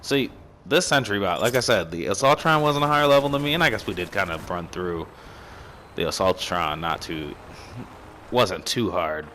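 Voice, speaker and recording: A young man with a deep, low voice talks over his game footage in a loose, rambling way, swearing often and getting worked up. Faint gunfire and game sounds run quietly behind him. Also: moderate pace, slight background noise. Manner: excitable, swears freely, rambling. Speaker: gaming commentator. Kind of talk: casual gameplay commentary.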